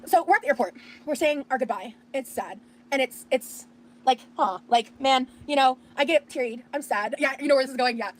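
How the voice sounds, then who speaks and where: A woman telling a story in a chatty, animated way, full of fillers. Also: sits high, fairly quick, a little hiss or hum. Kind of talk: casual storytelling.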